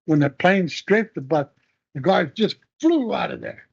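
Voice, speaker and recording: An older man being interviewed, telling a long war memory in a halting, rambling way with many restarts. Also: sits high, big pitch swings, vocal fry, slightly rough. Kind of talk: oral history storytelling. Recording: dull lo-fi recording.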